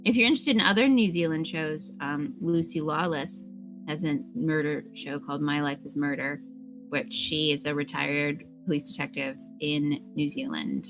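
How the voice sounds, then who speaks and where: A woman chatting casually while playing a game, playful and quick to laugh. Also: deep voice, music in the background. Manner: giggly, playful, lots of laughing. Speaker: game streamer.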